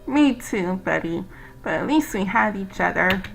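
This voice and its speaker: A woman's voice: medium pitch, expressive, measured pace, vocal fry, soft background music, low-quality recording. A woman reading an earnest, loyal young man.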